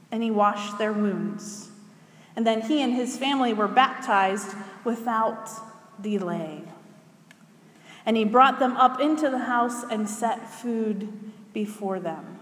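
A woman preacher reading scripture aloud and then preaching in a measured way, asking her listeners questions. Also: fairly high pitch. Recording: echoey hall with long reverb.

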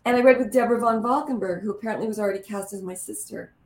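A woman telling a lively anecdote in an interview, acting out the lines of the people in it. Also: medium pitch, rapid-fire. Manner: lively anecdote teller, acts out quotes. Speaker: guest. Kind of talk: animated storytelling in conversation. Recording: roomy echo.

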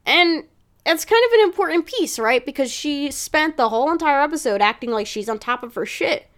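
A woman co-hosting a podcast, chatting casually about a TV episode, animated and swearing freely. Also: high-pitched, a little fast. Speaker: podcast co-host. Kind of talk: casual chat recapping a TV episode.

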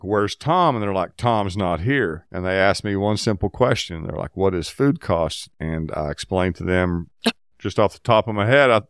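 A man's voice: lowish voice, a bit bright, smooth, dry recording, clean studio sound. A middle-aged man, a guest chef, telling a story in casual chat and acting out the dialogue with free swearing.

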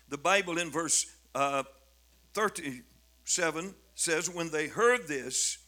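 A man's voice: on the high side, sharp tone. An older man preaching a sermon as a bishop, fervent and emphatic, often repeating his words. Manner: fervent, rising to emphatic declamation, with frequent repetitions.

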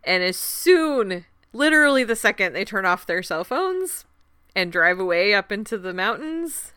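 A woman chatting casually, telling a lively story and laughing often as she quotes people. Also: mid-range voice, normal speed, clear, resonant tone, dry recording, studio quality. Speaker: film festival guest. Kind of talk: casual chat.

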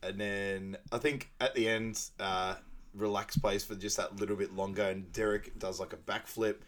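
A man's voice: on the low side, steady tone, moderate pace, fairly bright tone. A man co-hosting a podcast, casually recapping a film and laughing as he acts out quotes. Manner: laughs at his own retellings, acts out quotes. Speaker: podcast co-host. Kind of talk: casual movie recap chat.

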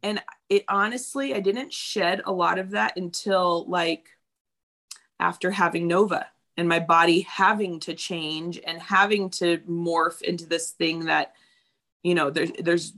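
Gravelly-voiced woman in candid chat. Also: fairly low pitch, fairly even intonation, a little slow, fairly bright tone. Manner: candid, swearing freely, acts out quotes. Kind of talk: casual chat.

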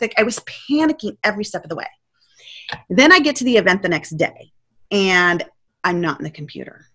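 Bright-voiced woman telling a lively story. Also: medium pitch, fairly quick. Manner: animated, acts out her past self's panicked quotes. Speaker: podcast guest. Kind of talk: casual storytelling interview.

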